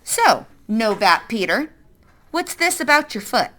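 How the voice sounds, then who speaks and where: A woman reading aloud as a tough, wry middle-aged woman with a wooden leg who fires pointed, teasing questions. The delivery is bright and lively, rising and falling as she presses for answers in a storybook reading. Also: fairly high pitch, a little slow, exaggerated voice. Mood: probing. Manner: sardonic, interrogating.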